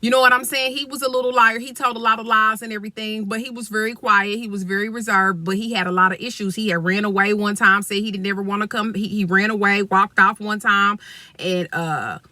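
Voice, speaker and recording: A woman's voice: mid-range voice, fairly even intonation, a little fast, bright, forceful tone, dry recording. A woman vlogger telling a story bluntly and emphatically, with heavy swearing and direct asides to viewers. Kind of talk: storytime vlog.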